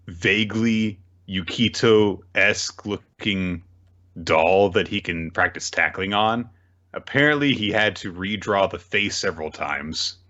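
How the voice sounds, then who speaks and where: A man's voice: low voice, pushed and bright, lo-fi sound. A man hosting a podcast, chatting casually and acting out characters' lines as he recaps. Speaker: podcast host. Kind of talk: casual chat, recapping manga.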